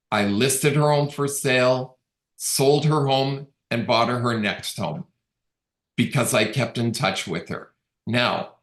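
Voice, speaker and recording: A middle-aged man from Canada giving a conversational webinar talk as a real estate agent, telling stories and acting out quoted dialogue. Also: medium pitch. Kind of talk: casual storytelling talk. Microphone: video call. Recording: roomy echo on the voice.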